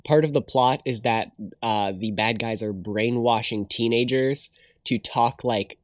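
A podcast co-host chatting casually about an old TV show, making wry, deadpan jokes. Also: mid-range voice, unhurried, no echo, clean studio sound. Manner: wry, joking, deadpan asides. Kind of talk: casual chat reviewing old TV.

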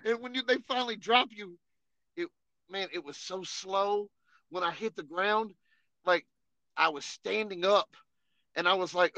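A man co-hosting a podcast, telling animated, profane, laughing war stories in casual chat. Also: sits high, measured pace, long pauses, no echo, poor audio. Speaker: podcast co-host.

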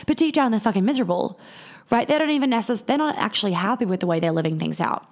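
A woman's voice: a little high, animated, quick pace. A woman speaking candidly to her viewers in a casual monologue, telling stories and swearing freely. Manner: candid, swears often, storytelling.

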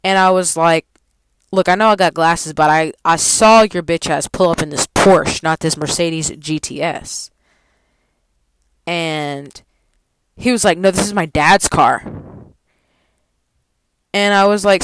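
A woman's voice: fairly low pitch, measured pace, pauses often, clear, resonant tone, no echo, low-quality recording. A young woman telling a story about her job in a casual, profane, exasperated rant. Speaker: vlogger.

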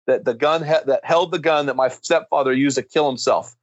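In a dry, dull-sounding recording, a men's ministry guest speaker delivers impassioned storytelling in a preaching style, his emphatic build-ups growing fervent. His voice is mid-range and fairly quick.

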